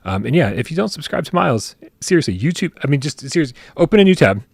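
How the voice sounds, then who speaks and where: A man's voice: fairly high pitch, very animated, fast, gravelly, breathy edge, dry recording, studio quality. A man hosting a casual live stream, chatty and joking as he reads out viewer tips. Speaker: podcast host.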